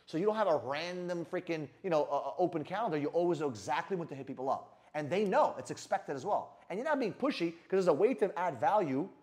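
A man giving an energetic sales coaching talk in a brash manner, swearing freely and often asking "right?". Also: on the high side, fast talker, hardly any pauses. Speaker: sales trainer.

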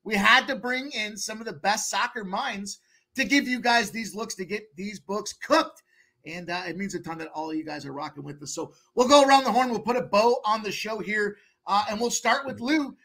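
A man hosting a sports betting live stream, hyping up his guests with slangy shout-outs in casual chat. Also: high voice, normal speed. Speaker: host of a sports betting show.

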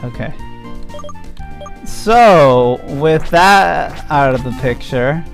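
A young man rambles through his game stream at an unhurried pace, filling gaps with drawn-out ums. His voice sits a little high, and his tone is mock-mournful. Soft music plays underneath. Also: lively intonation. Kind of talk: casual let's-play commentary.

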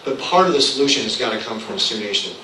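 Guy candidate at a debate, firm measured answers, echoey room, mic far off. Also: on the low side, lively intonation, sharp tone, a little hiss or hum. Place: public hall.

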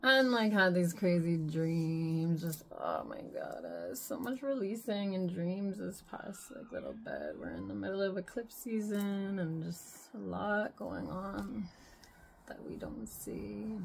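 A young woman talking to camera in a casual, reflective spiritual vlog, rambling with lots of "like" and sometimes dropping to a soft whisper. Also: lowish voice, very animated, slow, gravelly, slight background noise. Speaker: spiritual vlogger.

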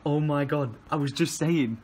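A young man, chatting excitedly in a casual vlog and often breaking into laughter. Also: on the high side. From England. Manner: excitable, laughing, quick exclamations. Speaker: vlogger. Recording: faint background noise.

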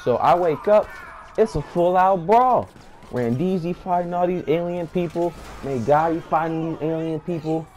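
This young vlogger's pitch sits fairly high and his pace is moderate, with a slightly mellow quality. Spinning a funny story-time yarn, he rambles in slang, drops plenty of fillers, gets hyped in bursts, and mimics what his friends said.

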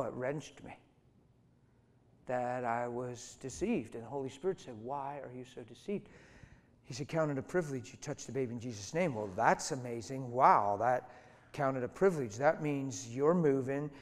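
Animated male preacher in a reverberant hall. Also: medium pitch, normal speed. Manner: animated storytelling, acts out voices. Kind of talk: sermon. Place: large hall with long reverb.

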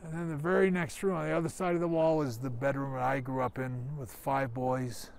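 A man's voice: mid-range voice, steady tone, brisk, vocal fry, a little hiss or hum. A man in his sixties from Canada telling childhood stories in a rambling, reminiscing way with many restarts, standing outdoors. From Calgary, Canada. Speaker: guest giving a tour. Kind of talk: casual storytelling.

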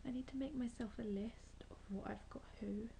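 A woman's voice: a little high, steady tone, moderate pace, gravelly, mellow, a little hiss or hum, rough recording. A young woman vlogging casually to her camera, rambling and self-mocking, sometimes whispering late at night. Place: indoors at work, then in bed at home.

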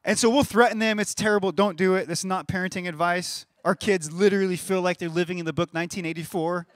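A man in his thirties preaching a sermon as pastor, conversational and animated, acting out little voices in his stories. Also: high-pitched, fast, dry recording. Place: church stage.

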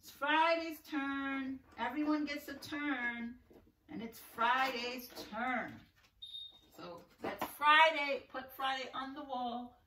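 A woman teaching young children in a slow, sing-song, encouraging way, often breaking into short songs. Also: high-pitched, sharp tone, far from the mic, a little hiss or hum. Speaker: preschool teacher. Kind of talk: online circle-time lesson for young children. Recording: echoey room, voice a bit off-mic.

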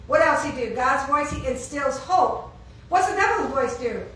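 A woman's voice: high-pitched, animated, moderate pace, fairly bright tone. A woman preaching an informal sermon, asking the congregation questions and answering them with emphasis. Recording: echoey room, heard from far off.

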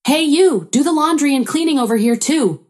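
A woman's voice: medium pitch, normal speed, warm tone, natural voice. A woman voicing a harsh, scornful older mother-in-law who barks demands. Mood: demanding. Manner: demanding, contemptuous.

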